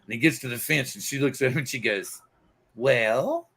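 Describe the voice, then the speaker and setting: Gravelly husky man telling a joke. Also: mid-range voice, fast talker, bright, forceful tone. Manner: rambling, folksy storyteller with lots of fillers. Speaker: podcast host. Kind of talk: casual joke telling on a group show.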